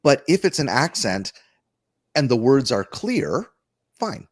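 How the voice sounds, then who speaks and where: A man's voice: medium pitch, big pitch swings, slow, no room sound, clean studio sound. A man giving friendly, plain-spoken test-prep advice as a guest in a webinar Q&A. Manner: encouraging, chatty, plain-spoken.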